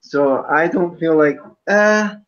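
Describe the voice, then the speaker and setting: A man's voice: on the high side, slow pace. A Scottish man hosting a podcast in casual group chat, joking with theatrical outbursts. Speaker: podcast host. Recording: dull lo-fi sound.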